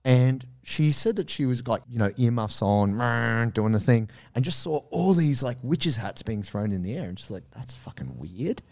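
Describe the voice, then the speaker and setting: A man hosting a podcast, telling a story in a casual, animated way, swearing freely and acting out the quotes. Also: medium pitch, moderate pace, gravelly, few pauses. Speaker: podcast host.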